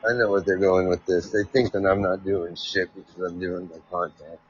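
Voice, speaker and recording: A man's voice: sits low, steady tone, normal speed. A man hosting a rambling solo podcast, reading and ranting with profane, sarcastic, self-mocking asides, recorded at his workplace. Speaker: podcast host. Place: at work, fielding coworkers. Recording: dull lo-fi recording with faint music.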